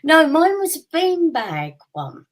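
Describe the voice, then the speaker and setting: A woman, a podcast co-host telling a personal story in casual chat. She tells it with lively energy, acting out quotes and laughing often. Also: high-pitched, slow, crowd noise, low-quality recording.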